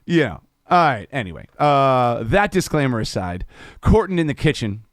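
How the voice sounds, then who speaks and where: A man's voice: mid-range voice, big pitch swings, moderate pace, no room sound, clean studio sound. A man from New Jersey, chatting casually and rambling between songs as a live-stream host. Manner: rambling and laid-back, stumbles over words, slangy.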